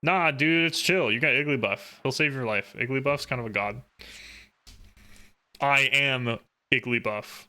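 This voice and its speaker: A man streaming a game, chatting casually with jokes, swearing and excited outbursts. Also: medium pitch, brisk, few pauses. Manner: joking, excitable, swears often. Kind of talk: casual let's-play commentary.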